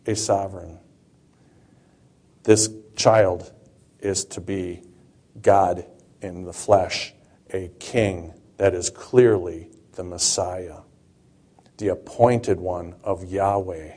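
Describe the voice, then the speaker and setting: A man preaching a sermon, reading Bible verses aloud and explaining them in a slow, measured way. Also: fairly low pitch, mellow.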